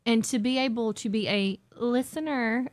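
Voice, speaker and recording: A woman's voice: on the high side, normal speed, no room sound. A woman who used to work in radio, trading teasing banter with her co-hosts. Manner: teasing, playful. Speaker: former radio host. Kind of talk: casual banter.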